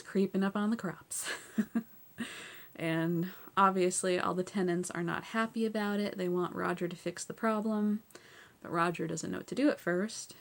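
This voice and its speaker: A woman's voice: lowish voice, creaky. A woman hosting a casual TV episode recap. She is chatty, says "like" and "so yeah" a lot, and laughs often between points.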